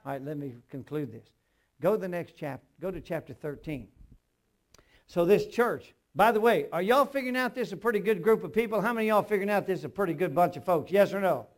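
An older man, preaching a sermon as pastor, swinging from hushed storytelling to loud emphatic bursts with humorous asides. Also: high-pitched, animated, fast talker.

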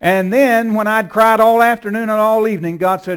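High-voiced preacher telling a story. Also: male voice, fairly even intonation, moderate pace, smooth. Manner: storytelling, repeats words, rises to emphatic peaks. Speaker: pastor. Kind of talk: sermon.

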